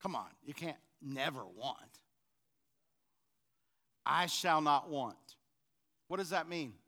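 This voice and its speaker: A male preacher with a high, bright voice gives a lively call-and-response sermon, urging the congregation to answer him. He swings from fervent, loud shouting to hushed, conversational asides.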